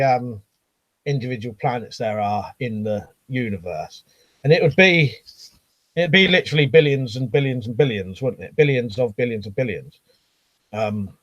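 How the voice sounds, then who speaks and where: A man rambles through a live stream, swearing casually and stumbling over restarts as he reads out comments. His voice sits at an ordinary middle pitch. The sound is dry and close, with no room around it. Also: dry recording. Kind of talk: casual live-stream chat, reading viewer comments aloud.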